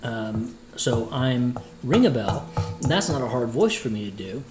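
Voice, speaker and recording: A man's voice: mid-range voice, expressive, measured pace, reverberant, over loud music, poor audio. A man, a voice actor, chatting playfully with viewers while cooking on a livestream. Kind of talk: casual cooking livestream chat.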